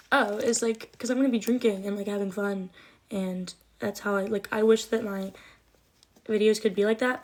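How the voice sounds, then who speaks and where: A woman's voice: medium pitch, darkish tone. A young woman chatting casually on a livestream, rambling, emotional and swearing often. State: cold, shivering.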